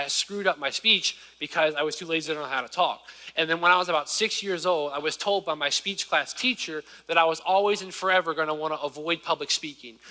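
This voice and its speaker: A man in his twenties from Southern Virginia with a slight lisp, preaching a sermon in a church. He swings between loud exhortation and quiet personal asides. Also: fairly high pitch. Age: 20s. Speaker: youth preacher. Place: church sanctuary. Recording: long hall reverb.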